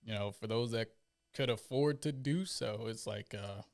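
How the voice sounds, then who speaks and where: A man's voice: lowish voice, moderate pace, vocal fry. A man telling stories in casual podcast chat, acting out the voices of the people he quotes. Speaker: podcast guest, former Marine.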